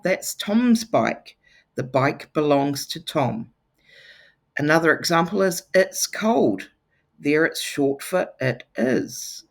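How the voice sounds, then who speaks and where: This is a New teacher speaking to a class of children. The pace is unhurried and the voice has a gravelly rasp. The delivery is playful, with teasing jokes tucked between the lesson points. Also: mid-range voice.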